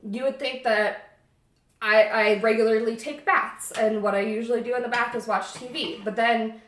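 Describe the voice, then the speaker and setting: A woman's voice: fairly high pitch, fairly even intonation, normal speed, fairly bright tone, reverberant. A woman, the host's sister, chatting casually in a home kitchen. She rambles and laughs often. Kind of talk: casual chat.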